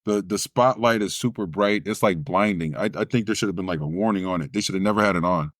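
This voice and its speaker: Speaking quickly in a low voice, this man is a spoken word poet telling a personal story in an interview. He's an animated storyteller who performs the voices he quotes. The recording is clean studio sound without room sound.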